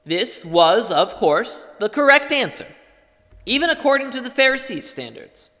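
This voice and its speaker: A man preaching a sermon as pastor, explaining things in a deliberate teaching way. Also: very high-pitched, big pitch swings, bright, forceful tone. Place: church. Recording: long reverb of a church hall.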